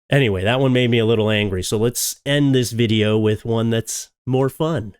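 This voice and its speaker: A man's voice: mid-range voice, brisk, hardly any pauses, clear, resonant tone, dry recording, clean studio sound. A Canadian man in his thirties hosting a casual commentary video, sarcastic and jokey, often laughing at his own jokes. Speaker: YouTube commentary host.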